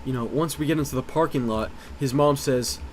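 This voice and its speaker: Man for a casual storytime vlog, average pitch, rambling and profane delivery. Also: brisk, a little hiss or hum. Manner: rambling, profane, lots of "uh" and "you know".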